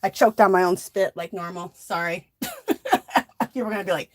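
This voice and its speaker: A woman's voice: fairly low pitch, fairly even intonation, moderate pace. A woman hosting a casual crafting livestream, chatting and thinking aloud as she works, recorded on a phone at her craft table. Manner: chatty, rambling, thinks aloud while working.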